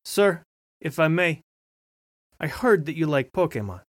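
A man's voice: a little high, sing-song, a little slow, dry recording. A man playing a polite gamer with a put-on New York accent in a comedy skit.

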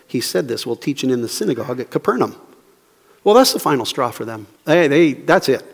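A man preaching a sermon as pastor, swinging between hushed low asides and fervent raised passages, with emphatic rhetorical questions. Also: very animated, a little fast, gravelly. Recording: long reverb of a large hall.

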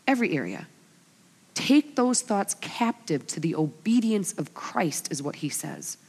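A woman in her forties preaching a sermon to a live gathering, an animated storyteller who acts out her family's lines. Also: on the low side, unhurried, breathy edge. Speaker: women's ministry speaker. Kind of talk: sermon with humorous stories. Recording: long hall reverb.

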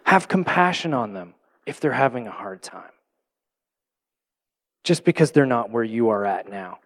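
A man giving earnest, reflective Bible teaching in a sermon style, asking his listeners questions and dropping to a soft, quiet voice at tender points. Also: mid-range voice, lively intonation, unhurried.

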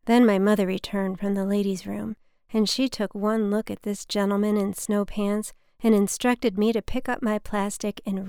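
Wry woman narrating with vocal fry. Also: medium pitch, a little mellow, dry recording. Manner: dry, wry and reflective. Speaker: storyteller. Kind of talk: scripted personal narration.

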